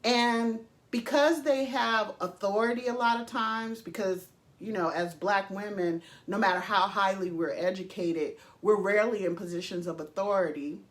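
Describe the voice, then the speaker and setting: A woman vlogger giving casual, emphatic opinion commentary, swearing freely and pausing often with fillers. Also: medium pitch. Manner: emphatic, profane, with frequent pauses and fillers.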